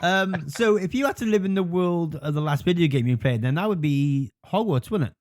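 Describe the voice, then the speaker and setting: A man's voice: fairly high pitch, expressive, fairly quick. A man hosting a podcast, chatting casually and laughing often. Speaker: podcast host. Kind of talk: casual chat.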